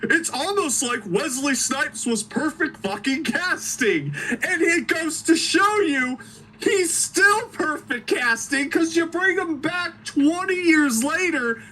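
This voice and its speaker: Male podcast co-host, high bright voice, swearing storyteller, mic set back. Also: slow pace, far from the mic, a little hiss or hum, low-quality recording. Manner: animated, swearing, laughing storyteller. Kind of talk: excited casual movie chat.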